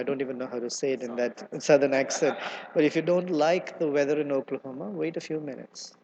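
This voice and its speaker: A man's voice: fairly high pitch, fairly quick, a little mellow, lo-fi sound, a little hiss or hum. A man giving a scripture class lecture, chanting Sanskrit verses and explaining them in a conversational way with side jokes and asides. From not from America. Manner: conversational teaching with asides and humor. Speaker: Bhagavatam class speaker.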